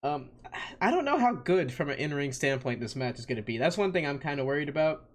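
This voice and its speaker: Laid-back jokey man, slightly high voice. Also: big pitch swings, fast talker. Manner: laid-back, jokey, calls his co-host "pal". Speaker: podcast co-host. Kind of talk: casual chat.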